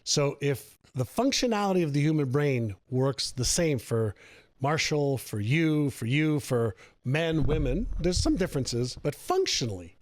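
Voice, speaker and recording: A man speaks as a guest in an interview, telling a personal story with animated energy and repeating phrases to drive his points home. His voice is recorded close and dry, with no room sound around it. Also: a little high, measured pace, no room sound. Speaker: guest author on personal growth.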